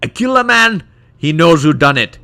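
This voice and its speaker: A man's voice: on the high side, very animated, normal speed, creaky, bright, forceful tone, clear, resonant tone, pitched above the performer's own voice, full character voice. A man voicing a blunt, proud male dwarf in a wandering Scottish accent while playing a game. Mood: gruff. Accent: attempted Scottish, wandering. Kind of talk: game playthrough voice acting.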